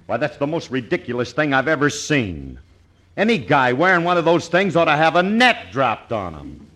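A man's voice: a little high, very animated, moderate pace, a bit bright. A man acting as a brash, slangy, wisecracking bandleader in 1940s radio comedy, on a scratchy old recording.

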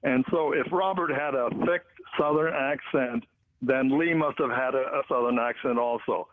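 A man who is a guest author, talking in a halting way with many filler sounds. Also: mid-range voice. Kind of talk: phone interview. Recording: tinny phone line.

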